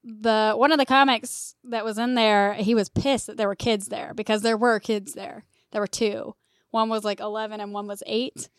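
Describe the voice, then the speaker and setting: A woman's voice: fairly high pitch, fairly even intonation, moderate pace, smooth, no room sound, studio quality. A woman co-hosting a comedy podcast, telling blunt, profane stories in casual chat. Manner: blunt, profane, storytelling with acted quotes.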